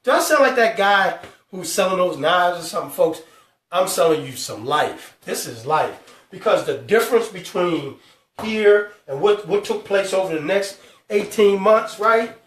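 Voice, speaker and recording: A man's voice: high-pitched, animated, a bit bright, far from the mic. Emphatic man in an echoey room. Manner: emphatic, drawn-out numbers, calls out to viewers. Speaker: host. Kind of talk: live-streamed financial talk at a whiteboard. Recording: echoey room, speaker away from mic.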